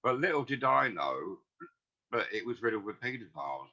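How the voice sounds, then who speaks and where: A man's voice: medium pitch, big pitch swings, normal speed, pushed and bright, slightly rough. A man, recalling the past as a guest in a rambling, earnest way. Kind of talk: casual storytelling. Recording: dull lo-fi audio.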